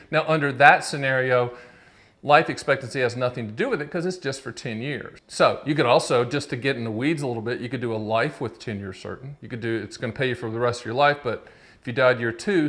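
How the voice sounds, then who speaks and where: His pitch is medium and his tone a bit bright. The speaker, a man in his 50s, hosts his own direct-to-camera video on annuities, keeping things chatty and playful while needling his off-camera producer and straying into digressions.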